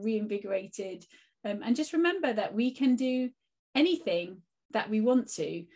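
A woman's voice: medium pitch, darkish tone. Woman giving reflective, encouraging advice. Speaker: guest teacher and author. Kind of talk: casual conversational interview.

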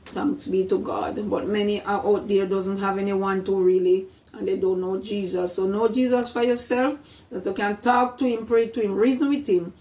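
A woman's voice: mid-range voice, warm tone, far from the mic. A middle-aged woman telling her personal story in a casual vlog, earnest and full of faith, often repeating her words. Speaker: vlogger.

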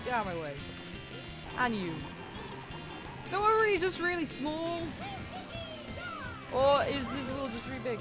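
A young woman commentating a racing game casually, swearing often and yelling at other racers. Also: high-pitched. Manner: swears a lot, yells and wails at the game. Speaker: gaming YouTuber. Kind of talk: casual let's-play commentary. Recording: game music behind the voice.

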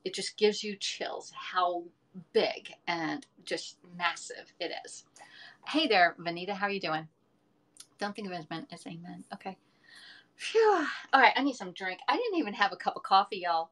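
A woman's voice: mid-range voice, expressive, normal speed, fairly bright tone. A middle-aged woman in casual live-stream chat, rambling and chatty as she talks to viewers from her home kitchen.

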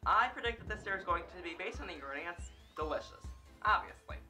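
Talking fast and expressively in a high, pushed, bright voice, a young dare-challenge vlogger rambles self-consciously and stumbles over his words. It's a casual food-challenge vlog shot with the camera facing him, and faint music plays behind.

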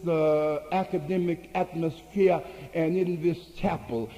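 A man preaching a sermon, telling a story in a low voice and rising to high shouted climaxes. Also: steady tone, slow pace. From United States. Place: large hall with an audience. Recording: reverberant hall with faint hiss, 1980 archive.

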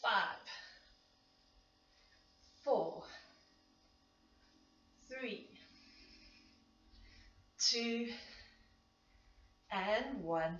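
A woman leads a pilates class, counting reps and getting a bit out of breath as she exercises along. Her voice is fairly high with a fairly bright tone, picked up by a distant, dull mic in an echoey room.

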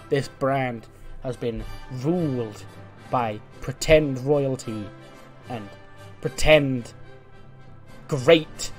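Pompous herald proclaiming slowly and grandly, a man putting it on, mid-pitched, faint music underneath. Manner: slow, grand, drawn-out delivery. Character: pompous male herald making a royal proclamation.

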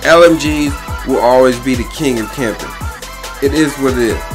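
A man giving energetic, boastful gameplay commentary full of slang and frequent laughs. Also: medium pitch, normal speed. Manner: boastful, hype, slang-heavy, laughs often. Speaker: gaming YouTuber. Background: faint background music.

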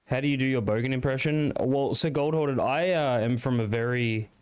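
A man's voice: medium pitch, moderate pace, darkish tone, smooth, no room sound. A young Australian man from rural Victoria, chatting casually to his stream audience in a loose, rambling way with plenty of swearing. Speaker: game streamer. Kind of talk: casual chat.

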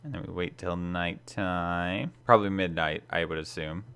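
Low smooth-voiced man narrating gameplay. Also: normal speed, fairly bright tone. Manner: chatty, rambling, dryly sarcastic. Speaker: let's play host. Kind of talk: casual gameplay commentary.

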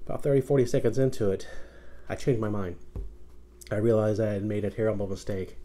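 A man's voice: on the low side, fairly quick, dark tone. A middle-aged man, strained and slightly slurring from the heat of a hot pepper, talking casually and groaning and sighing between his words. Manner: groaning, sighing and gasping through the burn. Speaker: vlogger eating hot peppers. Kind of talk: casual vlog.

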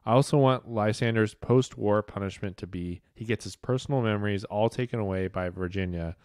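A man co-hosting a podcast, reading listener messages aloud in a relaxed, amused way. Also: on the low side, fairly quick, no echo, clean studio sound. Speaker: podcast co-host.

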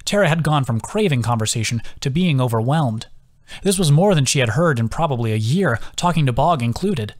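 A man's voice: medium pitch, brisk. A man reading his own fantasy novel aloud as audiobook narration. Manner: lively, expressive reading.

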